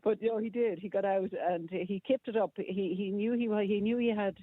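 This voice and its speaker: A man's voice: sits high, steady tone, a little fast, no room sound. An Irish man as a radio guest in casual chat, speaking earnestly with hesitant restarts. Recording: tinny phone line.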